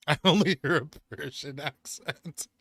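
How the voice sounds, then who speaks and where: A man's voice: on the high side, a little slow, creaky, a bit bright, no room sound, studio quality. A man with a Southern Californian accent, casually reading chat messages aloud on a live stream and answering them, saying "like" a lot. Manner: reads chat comments aloud and answers them, chatty, says "like" often.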